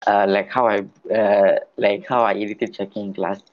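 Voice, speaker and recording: A man co-hosting a podcast in casual chat, hesitant and halting. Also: on the low side, little pitch movement, muffled recording. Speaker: podcast co-host.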